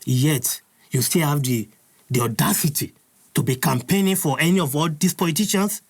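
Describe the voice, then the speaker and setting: A man's voice: fairly high pitch, normal speed, slightly rough. A Nigerian man hosting an impassioned commentary, furious and preaching, repeating his points. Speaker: host.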